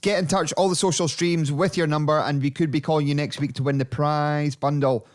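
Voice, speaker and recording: A man's voice: a little high, steady tone, fairly quick. A man co-hosting a casual podcast, chatty and jokey as he plugs the show. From Scotland. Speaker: podcast co-host.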